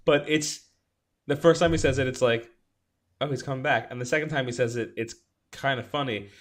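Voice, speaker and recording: A man co-hosting a podcast, chatting casually about a movie, animated and often restarting his sentences. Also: medium pitch, a little fast. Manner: animated, restarts often, acts out quoted lines. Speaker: podcast co-host.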